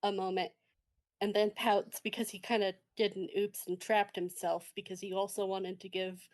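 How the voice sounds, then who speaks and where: A woman's voice: medium pitch, flat delivery, moderate pace, a little mellow. A woman narrating as game master in a rambling way, with many fillers.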